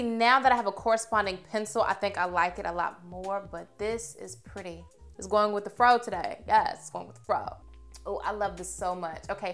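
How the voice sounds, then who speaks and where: A woman's voice: medium pitch, fairly bright tone. Chatty, gushing young woman vlogger. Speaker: beauty vlogger. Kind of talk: casual makeup review.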